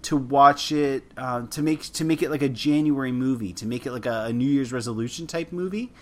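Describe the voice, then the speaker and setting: A man's voice: medium pitch, fairly quick. Rambling man hosting a film podcast. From Canada. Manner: rambling, self-deprecating, stumbles and restarts often. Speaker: podcast host. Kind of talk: casual interview chat.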